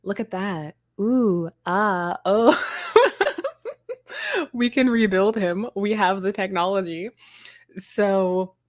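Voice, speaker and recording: A woman with a medium-pitched voice hosts a casual comics livestream, chatting, poking fun at herself, and laughing often. The recording is dry and studio quality.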